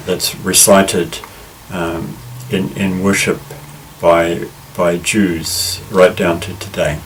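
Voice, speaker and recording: Slow, deep-voiced male Hebrew teacher. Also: level tone, recorded from a distance, a little hiss or hum, rough recording. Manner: unhurried, halting, with frequent fillers and restarts. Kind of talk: recorded language lesson.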